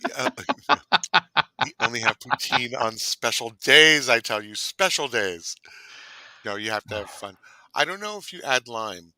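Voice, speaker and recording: A man's voice: mid-range voice, animated, a little slow, bright, forceful tone, no room sound. A middle-aged man co-hosting a casual cooking live stream, teasing and laughing often. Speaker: cooking show co-host. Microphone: computer mic.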